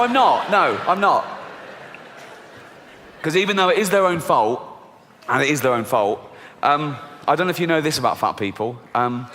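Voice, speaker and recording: A British man doing stand-up comedy on a large theatre stage, sarcastic and mock-outraged, with frequent swearing. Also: mid-range voice. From Britain. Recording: live theatre reverb with audience noise.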